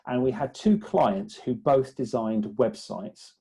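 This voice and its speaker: A man who is a business development guest on an interview, speaking haltingly with many restarts. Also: medium pitch, animated, dark tone. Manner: hesitant, many restarts and fillers. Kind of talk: conversational interview.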